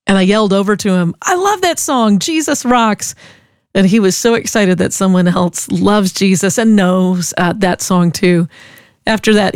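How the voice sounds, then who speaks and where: A woman radio host chatting casually and telling a listener's story in an upbeat, animated way. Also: medium pitch, clear, resonant tone, no echo, studio quality.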